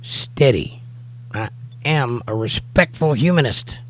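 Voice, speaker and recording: Male livestream host, hoarse and nearly out of voice, relaxed and jokey, casual chat. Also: medium pitch, slow pace, a little hiss or hum. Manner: easygoing and jokey, talking straight to viewers. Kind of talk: casual livestream chat, reading viewer comments aloud.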